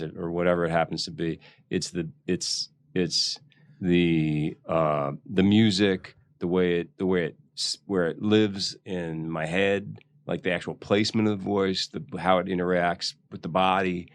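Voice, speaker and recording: An older man from Philadelphia, a guest actor talking casually in an interview, halting and thoughtful with many restarts. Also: sits low, fairly even intonation, dry recording.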